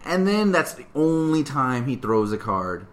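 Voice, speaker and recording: A man talking casually on a podcast about a film. He rambles, swears freely and laughs often as he picks it apart. His voice sits at an ordinary pitch. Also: very animated, a little slow. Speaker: podcast co-host. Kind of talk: casual movie review chat.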